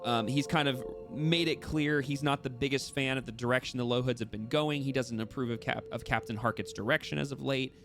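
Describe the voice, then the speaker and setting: A man running a tabletop game, narrating in a loose, rambling way with lots of fillers and self-corrections. His voice sits at an ordinary middle pitch. Faint music runs underneath. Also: steady tone, brisk, few pauses. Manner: rambling, many fillers and restarts. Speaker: dungeon master.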